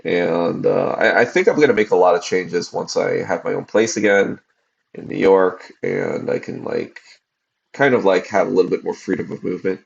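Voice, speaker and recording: A man in his forties, a podcast host, rambling casually on a livestream with lots of profanity and fillers, tired from fasting. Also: deep voice, creaky, dull audio. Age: 40s.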